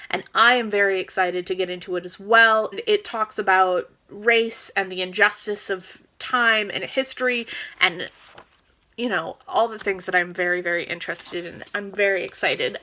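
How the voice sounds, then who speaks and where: A woman's voice: mid-range voice, unhurried, pushed and bright. A woman chatting casually as a book vlogger, eager and gushing as she shows off new books. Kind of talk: casual book haul chat.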